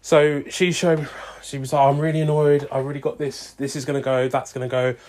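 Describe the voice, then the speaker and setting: A man's voice: medium pitch, steady tone, brisk, darkish tone, a little hiss or hum. A young man telling a long story casually, acting out both sides of a conversation with lots of "I was like" and "she's like".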